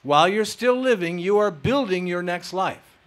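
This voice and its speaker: A man with a fairly high voice leads a lecture and answers questions from the floor. He talks in an animated, playful way and often teases his listeners. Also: normal speed. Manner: animated, playful, teasing, emphatic. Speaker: spiritual teacher answering audience questions.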